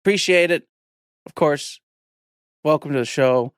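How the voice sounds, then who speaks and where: A man's voice: a little high, measured pace, clear, resonant tone, dry recording, clean studio sound. A man hosting a podcast in casual chat, talking in a loose, rambling, jokey way. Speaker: podcast host.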